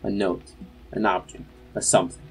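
A man's voice: low-pitched, little pitch movement, moderate pace, slightly rough, faint music behind. A young man narrating as game master for a tabletop game, in a loose, rambling way with many fillers.

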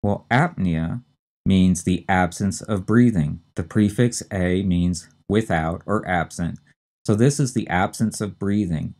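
A man teaching a recorded medical terminology lecture, speaking slowly and carefully and spelling out terms letter by letter. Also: sits low, a little mellow. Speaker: instructor.

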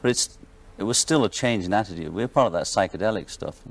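A man in his thirties with a Liverpool accent speaks on a television studio set. His voice sits a little low, and his talk is offhand and wry. He chuckles between remarks. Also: quick pace, creaky. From England. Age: 30s. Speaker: guest musician. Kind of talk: casual talk-show interview.

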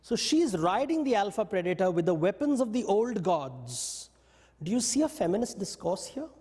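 A man giving a lecture, telling stories in an animated way and briefly acting out what the characters say. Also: sits high, moderate pace, long reverb tail. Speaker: invited speaker. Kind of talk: lecture on mythology. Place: yoga studio talk.

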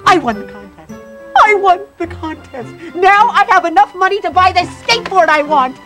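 Casting: woman playing a bright, eager young alien exchange student, higher voice, wide-swinging lively delivery, soft music behind. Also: normal speed. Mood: excited. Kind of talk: children's video acting.

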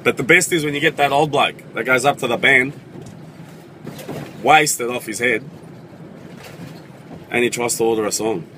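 Young Australian man, sarcastic comedic monologue, bright tone. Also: mid-range voice, normal speed, long pauses, a little hiss or hum. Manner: sweary, sarcastic.

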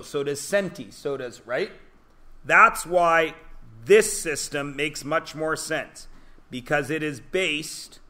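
A man's voice: on the high side, fairly bright tone. A male teacher giving a joking, self-deprecating classroom lecture to his students.

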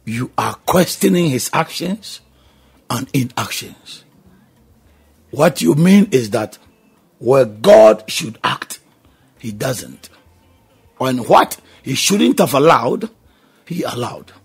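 Emphatic Ghanaian preacher with gravelly voice. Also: male voice, mid-range voice, sing-song, takes it slowly, pauses often. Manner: emphatic, exclaiming and questioning the listener; alternates between two languages. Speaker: pastor. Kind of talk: radio sermon.

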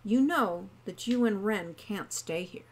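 A woman voicing a gentle, earnest young sibling who urges others to leave. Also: mid-range voice, measured pace. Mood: tense. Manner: gentle, urgent.

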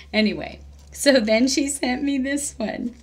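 A woman's voice: high voice, takes it slowly, a little mellow. A woman chatting casually on her cross-stitch vlog, rambling, correcting herself as she goes and laughing often. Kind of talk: casual crafting vlog chat.

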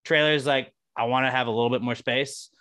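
Bright-voiced man rambling with mimicry. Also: medium pitch, fairly even intonation, fast. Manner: loose, rambling talk, often acting out quoted voices. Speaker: podcast co-host. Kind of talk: casual chat.

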